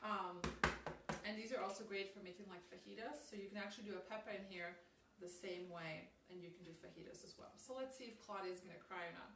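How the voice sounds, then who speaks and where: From her home kitchen, a woman hosts a casual live-stream cooking demo, chatty and upbeat, addressing viewers directly with frequent ums. She talks fast in a mid-range, fairly bright voice, picked up by a distant mic in an echoey room with faint noise.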